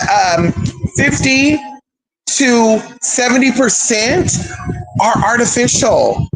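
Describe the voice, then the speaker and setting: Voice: medium pitch, poor audio. A streamer in a casual spiritual monologue, chatty and profane, speaking straight to viewers as y'all and girl.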